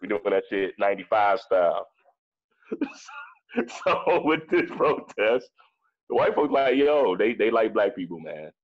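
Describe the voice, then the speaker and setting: Low-voiced man in his forties, emphatic. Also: big pitch swings, measured pace, long pauses, lo-fi sound. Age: 40s. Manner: emphatic, profane, repeats himself. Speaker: guest. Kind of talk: casual discussion.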